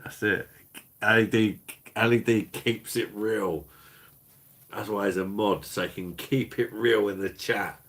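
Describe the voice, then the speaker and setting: A deep-voiced man with a Cockney-Kentish accent, chatting to his live audience at an easy, slow pace. He swears freely and chuckles along as he talks. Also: fairly bright tone. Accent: Cockney-Kentish English. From London. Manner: laid-back, sweary, chuckling banter. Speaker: livestream host reading chat. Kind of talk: casual live chat.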